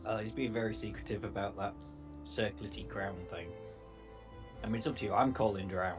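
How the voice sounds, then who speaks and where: Easygoing low-voiced man at the table. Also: steady tone, brisk, over music. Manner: laughing, easygoing. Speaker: player. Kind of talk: casual tabletop chat.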